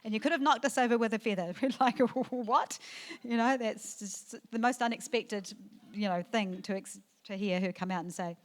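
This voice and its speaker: A middle-aged woman gives a heartfelt wedding reception speech into a handheld microphone. She talks in a halting way, with fillers and restarts, and her voice fills with emotion. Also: mid-range voice. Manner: emotional, tearful at times, laughing through the speech. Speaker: mother of the bride giving a speech. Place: wedding reception venue, indoors.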